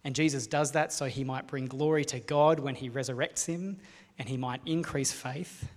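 A man delivers a sermon in an earnest, measured voice, putting rhetorical questions to his listeners and letting his lines settle. His voice sits in an everyday middle register. It rings out with the long reverb of a large hall. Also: medium pitch, steady tone. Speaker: preacher. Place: hall with a live audience.

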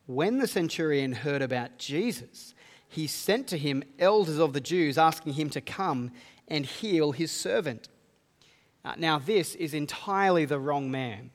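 A man preaches in a reverberant church hall, reading verses aloud and unpacking them earnestly. His voice sits a little on the high side for a man. The long echo of the hall trails after his words. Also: lively intonation, unhurried. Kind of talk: sermon.

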